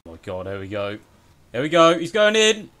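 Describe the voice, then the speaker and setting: A man commentating an online racing game with a friend, laughing, swearing and shouting at crashes. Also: a little high, very animated, a little fast. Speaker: gaming channel host. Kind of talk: excited gameplay commentary with a friend.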